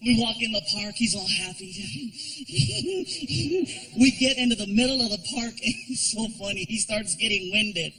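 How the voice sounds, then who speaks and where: High, bright-voiced male stand-up comic. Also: unhurried, poor audio. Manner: animated storytelling with voices and shouted punchlines. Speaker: stand-up comedian. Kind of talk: stand-up comedy routine.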